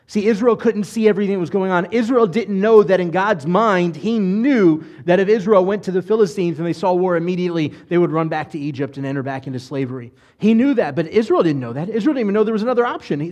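A man with a fairly high voice preaching a sermon. He speaks in a conversational way, asks the congregation rhetorical questions, and acts out the people in the story with lively energy. He sounds like a rabbi teaching his weekly message.

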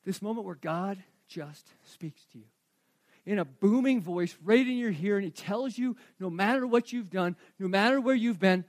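High-voiced animated pastor. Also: male voice, normal speed. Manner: animated storytelling, swings from hushed to shouting. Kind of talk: sermon.

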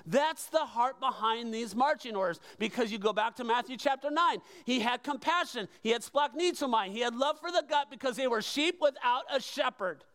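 A man's voice: extremely high pitch, expressive, normal speed, hardly any pauses, a bit bright. A man preaching a sermon as pastor, conversational and emphatic, with rhetorical questions to the congregation.

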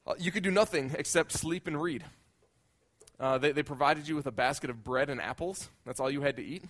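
A man's voice: fairly high pitch, a little fast, a bit bright. A male pastor preaching a conversational sermon, often repeating words as he builds a point.

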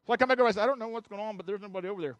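High-voiced preacher in a dry room. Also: male voice, very fast, a bit bright, no room sound. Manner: storytelling that builds to urgent exhortation. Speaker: pastor. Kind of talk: sermon with personal story.

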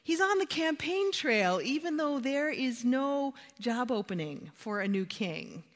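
A woman preaching a sermon, retelling a story with dramatic swings in pitch and volume. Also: big pitch swings, measured pace. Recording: long hall reverb.

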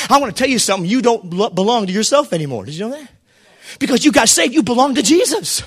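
A male pastor delivers a fervent sermon in a strikingly high, bright voice with a husky edge. His pitch leaps around as he moves from shouted appeals to hushed, close asides. He keeps putting questions to the congregation. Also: very animated, fast talker. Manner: swings from shouting to quiet, asks the congregation questions; preaches with fervor and calls out to the listeners.

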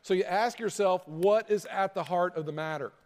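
A man's voice: sits high, normal speed, darkish tone. A man preaching a sermon as pastor, talking in a conversational way and acting out quarrels between people. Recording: hall reverb.

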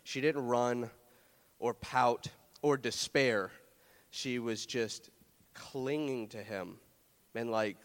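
A man's voice: mid-range voice, takes it slowly, pauses often. A young man preaching a sermon in a loose, conversational way, earnest and close to tears as he shares a personal story. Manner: earnest, emotional, fighting tears; loose, conversational, many fillers and restarts. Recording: long hall reverb.

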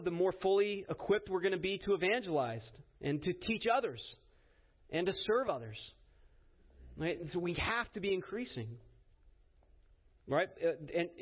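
A man preaching a sermon in an earnest, emphatic way, often checking in with his listeners by asking "right?". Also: high-pitched. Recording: tinny phone-like sound.

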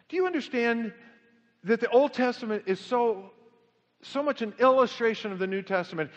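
A man preaching a sermon in an animated way, swinging his pitch up and down to act out quotes. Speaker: pastor. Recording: dull lo-fi sound with long hall reverb.

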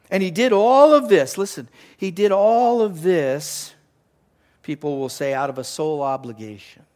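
A pastor delivers a sermon with a voice sitting a bit high for a man. He preaches earnestly, circling back over phrases for emphasis. At moments his voice drops to a hushed near-whisper.

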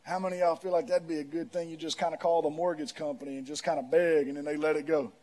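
High-voiced preaching man. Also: steady tone, fast talker. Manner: swings from loud emphatic preaching to quiet reflective storytelling. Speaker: pastor. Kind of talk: sermon.

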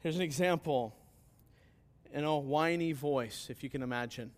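A man's voice: a little high, expressive, moderate pace. A man pastor preaching a sermon, earnest and emphatic, often asking rhetorical questions and answering them.

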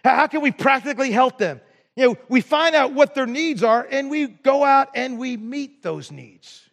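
A man's voice: very high-pitched, expressive, normal speed, vocal fry, fairly bright tone, in a large hall. A man preaching a sermon as pastor, telling stories and asking the congregation questions. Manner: storytelling, asks the congregation questions.

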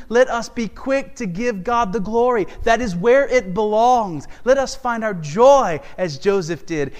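High-voiced earnest preacher in a long-echo hall. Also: male voice. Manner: earnest, emphatic preaching with rhetorical questions. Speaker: pastor. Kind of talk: expository sermon.

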